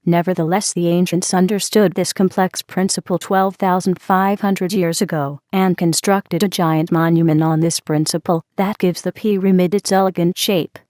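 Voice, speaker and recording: A woman reading the part of a talkative woman from a neighboring table, who explains things in a steady, lecturing way. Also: on the low side, dry recording, clean studio sound, lightly acted.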